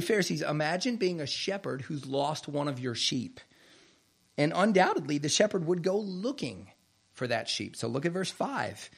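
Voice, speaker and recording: A man preaching a sermon, reading scripture aloud and slowing down to stress key phrases. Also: on the high side, vocal fry.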